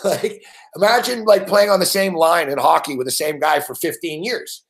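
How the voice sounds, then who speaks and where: Profane, animated man telling a story. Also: on the high side, moderate pace, vocal fry. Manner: swears constantly, animated, laughs often. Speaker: sports betting show host.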